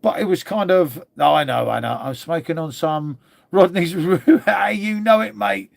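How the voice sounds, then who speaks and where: A man's voice: high voice, moderate pace, creaky. A man, chatting casually on a live stream, joking, swearing and calling everyone mate. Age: 50s.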